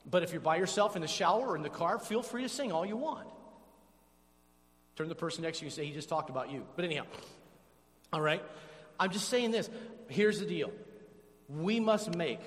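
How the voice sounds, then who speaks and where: Pastor, man, high voice, animated sermon with call-and-response, long church reverb. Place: church sanctuary.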